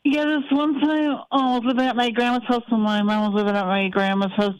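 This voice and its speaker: A woman calling in to a radio show and telling a quick, rambling story. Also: fairly high pitch, steady tone, smooth, lo-fi sound. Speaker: caller. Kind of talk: phone-in anecdote.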